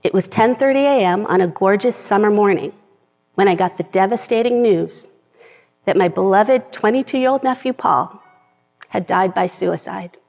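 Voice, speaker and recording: A middle-aged woman with a medium-pitched, slightly mellow voice gives an earnest personal talk to a live audience at a moderate pace, reading from a script and sometimes getting emotional. Soft music plays behind her, and a large hall's long reverb fills the recording.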